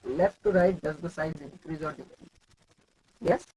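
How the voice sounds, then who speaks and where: A man's voice: on the high side, unhurried, a little mellow, slightly rough, poor audio. A young man with an Indian English accent teaching chemistry in a live online class, calling on students by name and repeating his questions.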